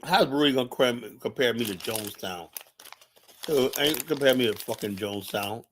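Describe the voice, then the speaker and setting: Over a noisy background, a man with a medium-pitched voice talks at normal speed while hosting a livestream. His political monologue is heated and profane, and he picks fights with viewers directly, repeating phrases often.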